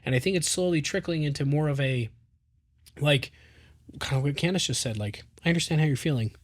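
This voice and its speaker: A man's voice: a little high, brisk. A man in his thirties, a podcast co-host, talking casually in a rambling way with lots of fillers. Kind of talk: casual chat.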